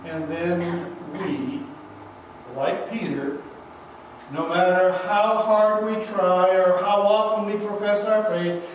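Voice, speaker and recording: A middle-aged male pastor preaches with a notably high voice, taking his time and leaning on repeated refrains. He is recorded from well back in a church, so his voice rings through a very echoey room. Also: takes it slowly, recorded from a distance, slight background noise. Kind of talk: sermon. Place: church sanctuary.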